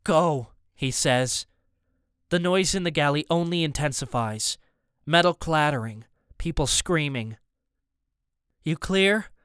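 Smooth, dry first-person audiobook narrator. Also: male voice, fairly high pitch, a little slow, a bit bright, dry recording.

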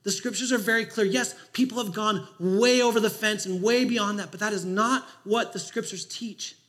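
A man pastor preaching a sermon, telling a personal story in a conversational, animated way and acting out his own thoughts. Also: high-pitched, moderate pace.

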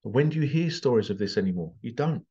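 A man delivering an animated, repetitive monologue to camera as a vlogger. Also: mid-range voice, fast talker, lo-fi sound. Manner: animated, repetitive, acts out quotes in exaggerated voices. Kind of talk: ranting monologue.

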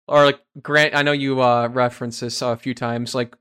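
A man co-hosting a casual podcast with an easygoing way of moving the show along. His voice is bright and smooth. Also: mid-range voice, level tone, moderate pace. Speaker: podcast co-host.

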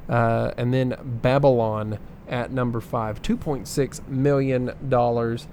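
A man's voice: medium pitch, steady tone, takes it slowly, a little mellow, a little hiss or hum. A man co-hosting a casual podcast, running through figures with plenty of ums and uhs. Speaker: podcast co-host reading box office numbers. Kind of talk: casual chat.

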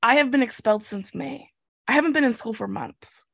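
A middle-aged woman, a guest in an interview, telling a personal story in an animated, chatty way and tagging lines with "okay?". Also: on the high side, brisk, creaky, no echo. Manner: animated, chatty, acts out quotes, frequent "like" and "okay?". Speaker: guest, inclusive education researcher. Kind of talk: casual storytelling in a conversation.

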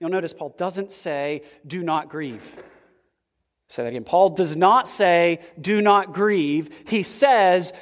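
A male pastor delivers a sermon slowly and emphatically, his pitch swinging suddenly at times. The recording carries the long reverb of a large hall.

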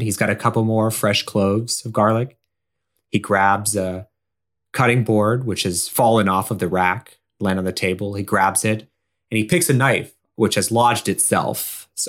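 Guy w a lowish voice narrating his character in a tabletop game, casual and rambly. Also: vocal fry. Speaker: player.

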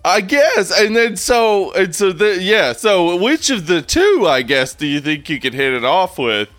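A man's voice: high-pitched, very animated, measured pace, a bit bright, no echo. A man in his forties co-hosting a casual podcast, joking, swearing and laughing often. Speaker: podcast co-host.

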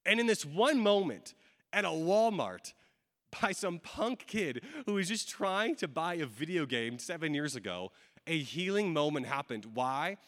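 A man's voice: on the high side, very animated, a little slow, fairly bright tone. A young man giving a sermon as a guest speaker to a congregation, telling a personal story in a casual, joking way. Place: large hall before a live congregation. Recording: long hall reverb.

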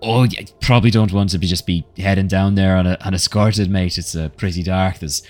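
A man's voice: low voice, fairly even intonation, a little fast, darkish tone, soft background music, natural voice. A man voicing a sly, jovial male tiefling innkeeper who talks in a chummy, wheedling way. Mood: wheedling friendly. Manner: chummy, wheedling, casual slang.

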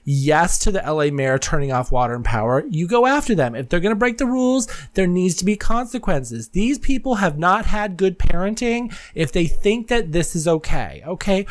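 A podcast host giving a solo rundown of news stories in a gossipy, excitable, profane way, full of quick asides. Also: mid-range voice.

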